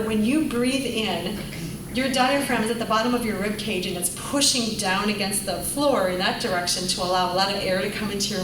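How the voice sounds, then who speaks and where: Woman vocal coach, echoey and distant. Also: fairly high pitch. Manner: encouraging, demonstrates by singing. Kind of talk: teaching a choir class. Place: church rehearsal room. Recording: echoey room from far off, noisy.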